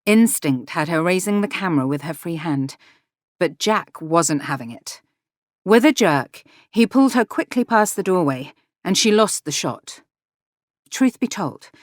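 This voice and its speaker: A woman narrating a romance audiobook with a lower voice than most women. The read is measured and smooth. The sound is dry and close to the mic. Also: no room sound.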